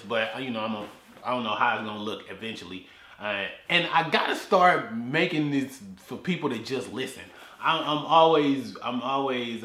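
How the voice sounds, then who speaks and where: A man hosts his own podcast in a loose, rambling way, stumbling over and repeating words as he goes. His voice has a bright edge. He is recorded in a garage that leaves a clear echo on everything he says. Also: mid-range voice. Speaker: podcast host. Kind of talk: casual solo podcast talk. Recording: echoey garage.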